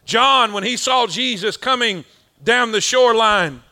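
A male preacher with an extremely high, sharp voice delivers a sermon without hurrying. His style is folksy and rhythmic, repeating lines for emphasis that rises and falls.

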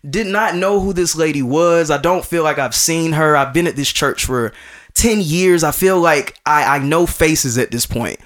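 Young male podcast host, casual storyteller, animated, acts out quotes, restarts often. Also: a little high, moderate pace.

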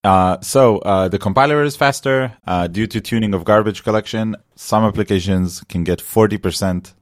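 A low, deep-voiced man talking loosely on a podcast, joking and filling gaps with "uh" and "like". His voice sounds dry and close, with no room sound. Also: normal speed, no echo. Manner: chatty, joking, loose with fillers. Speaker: podcast co-host. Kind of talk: casual tech podcast chat.

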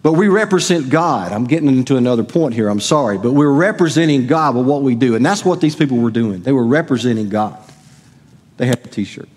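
A man's voice: mid-range voice, animated, brisk, a little mellow, slightly rough. A middle-aged man preaching a sermon as pastor, conversational and asking the congregation questions. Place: church sanctuary. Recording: long hall reverb.

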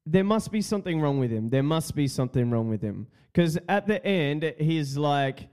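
A man's voice: a little high, animated, normal speed, few pauses, darkish tone, clean tone. A man hosting a podcast in a casual, rambling way, with lots of slang and frequent laughter. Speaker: podcast host.

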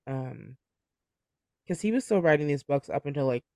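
A man with a fairly high voice hosts a relaxed book club podcast. He laughs often and strings his thoughts together with lots of "like". The sound is dry and close. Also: moderate pace, vocal fry, no echo. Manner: chatty, laughs often, fills with "like". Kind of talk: casual chat.

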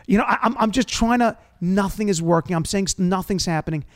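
Man from new york, high-pitched voice, lively storyteller, laughs a lot. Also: a little fast. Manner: animated, laughing, acts out other people's lines. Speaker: rabbi and podcast host. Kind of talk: storytelling in casual chat.

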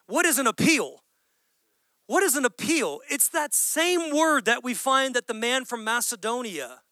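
A man's voice: very high-pitched, expressive, a little slow, pushed and bright, dry recording. A man preaching a sermon, impassioned and pleading, in a dry close recording. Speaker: pastor.

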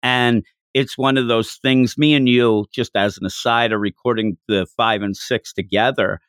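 Animated man chatting about comics. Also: mid-range voice, moderate pace, clean tone, dry recording, clean studio sound. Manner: animated, laughs often, acts out quoted lines in a raised voice. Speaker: podcast co-host. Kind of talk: casual chat reviewing manga.

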